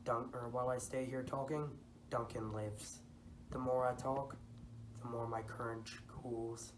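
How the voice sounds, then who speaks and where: A teenage boy playing a guilt-ridden lord who has just committed murder, reading in a flat, stumbling way for a school project. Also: medium pitch, measured pace, lightly acted. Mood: brooding. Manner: reads lines flatly with stumbles and self-corrections. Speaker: student actor. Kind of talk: amateur school-project reenactment. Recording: echoey room from a distance, noisy.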